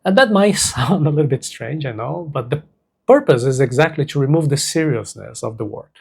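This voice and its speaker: A man teaching a self-help lesson, speaking slowly and deliberately and repeating key words for emphasis. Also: medium pitch, lively intonation, vocal fry, slightly rough. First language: Portuguese.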